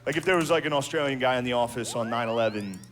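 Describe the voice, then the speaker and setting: A man's voice: medium pitch, fast talker, fairly bright tone. A man doing a stand-up comedy routine, telling profane, self-deprecating stories. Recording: clear background noise.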